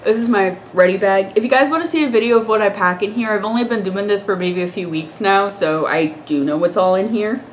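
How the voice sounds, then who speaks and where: A woman's voice: medium pitch, fairly quick, hardly any pauses. Young woman, congested, stuffy nose, chatty vlog story, faint background hiss. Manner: rambling, chatty, laughs often. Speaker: vlogger. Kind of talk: casual storytelling to camera.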